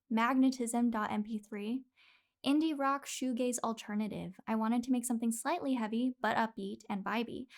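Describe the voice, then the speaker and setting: A woman streamer talking into a desk mic in casual live commentary. Her voice sits fairly high, and she is effusive and gushing. She breaks into laughter often. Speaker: streamer reviewing listener music.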